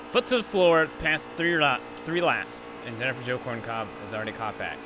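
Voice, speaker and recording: A medium-pitched man speaking at normal speed over music hosts a gaming channel and commentates live on a racing game. He's frustrated and cursing, with race car engine noise from the game in the background.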